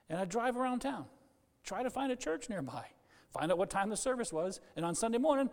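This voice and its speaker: A pastor in his sixties preaching a sermon, an animated storyteller who jokes with his congregation. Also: very high voice, normal speed, gravelly. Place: church sanctuary. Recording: long church reverb.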